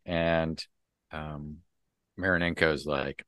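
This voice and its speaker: Slow, deep-voiced man recapping comics. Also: clean tone, no echo, clean studio sound. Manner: relaxed, rambling, full of ums and laughs. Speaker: podcast co-host. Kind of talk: casual chat recapping a comic book.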